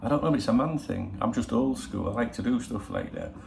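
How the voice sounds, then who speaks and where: A man's voice: mid-range voice, lively intonation, fast talker, gravelly, a little mellow, a little hiss or hum. A middle-aged man hosting a football channel, chatting casually in a rambling, cheeky way full of swearing. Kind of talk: casual chat. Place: in Spain.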